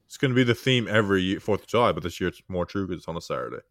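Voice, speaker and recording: Low-voiced man hosting a podcast. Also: lively intonation, racing, a bit bright, dry recording, studio quality. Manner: candid, subdued and heartfelt. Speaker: podcast host. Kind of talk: casual podcast chat.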